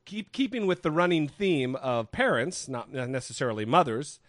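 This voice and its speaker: A man's voice: a little high, lively intonation, moderate pace, fairly bright tone, no echo, studio quality. A man co-hosting a podcast, chatting casually in a rambling, self-deprecating way. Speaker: podcast co-host. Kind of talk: casual chat.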